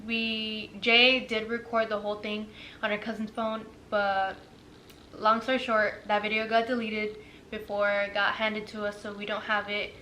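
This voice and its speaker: A woman's voice: medium pitch, normal speed, a little hiss or hum. A young woman casually retelling a story, full of fillers and quoted dialogue. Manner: filler-heavy, animated retelling.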